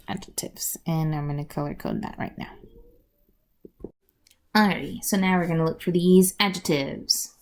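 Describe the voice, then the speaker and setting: A woman teacher calmly walking through a classroom routine step by step in a recorded lesson video. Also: fairly low pitch, gravelly. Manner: slow, deliberate, explains step by step.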